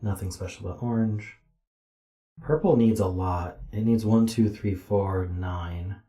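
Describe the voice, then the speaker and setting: A tired man streams himself puzzling, with a deep, dark voice that mutters and counts digits half to himself. His voice sits in a roomy, echoey home room. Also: unhurried. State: tired, yawning. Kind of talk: thinking aloud while solving.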